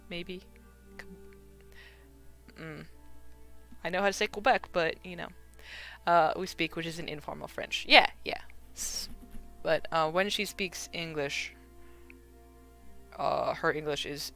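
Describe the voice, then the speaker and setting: A woman's voice: sits low, creaky, pushed and bright. A woman with a Midwestern American accent chatting casually on a live stream while she crafts, rambling and filling with "like" and "you know.".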